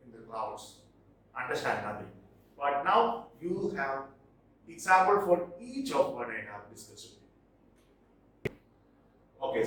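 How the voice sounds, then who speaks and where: A male teacher lectures at a deliberate, unhurried pace, his voice rising and falling with lively emphasis. He often repeats the key words. The sound is distant and heavily reverberant, as if captured from across a bare classroom. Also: mid-range voice. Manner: slow, explanatory, repeats key points, emphatic stresses. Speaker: English literature teacher. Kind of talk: recorded lecture. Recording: very echoey room, mic at a distance.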